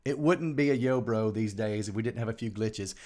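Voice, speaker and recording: Joking man on a live stream. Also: lowish voice. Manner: joking, rambling, quick swings between loud bursts and quiet asides. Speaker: host of a daily live show. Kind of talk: casual live-stream chat. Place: home room. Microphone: live stream over home internet.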